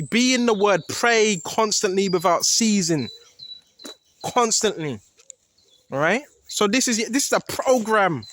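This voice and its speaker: A man's voice: very high-pitched, a bit bright, a little hiss or hum. A man preaching informally and earnestly, pressing each point with a repeated "right?".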